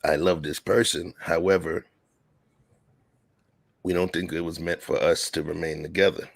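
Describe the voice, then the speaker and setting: A man co-hosts a relaxed talk show, his voice rough and gravelly. He talks in an emphatic, slangy way, close to a dry microphone with no room sound. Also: deep voice, normal speed, no echo. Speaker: podcast co-host. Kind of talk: casual commentary chat.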